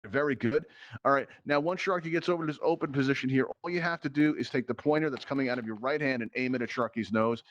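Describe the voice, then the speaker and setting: A man hosting a live game show, an upbeat, chatty showman who jokes his way through pauses, speaking into a headset mic. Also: mid-range voice, no room sound, highs cut off.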